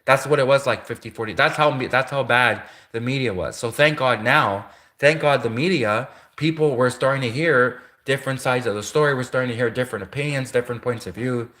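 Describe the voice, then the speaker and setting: A man's voice: mid-range voice, brisk, bright, forceful tone. A man talking straight through a rambling casual monologue, often restarting and repeating his sentences.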